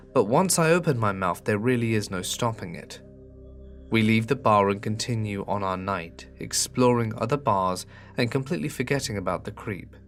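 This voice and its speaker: In this scripted horror narration, a fairly low male voice reads in an earnest, measured way. Faint, soft music runs underneath.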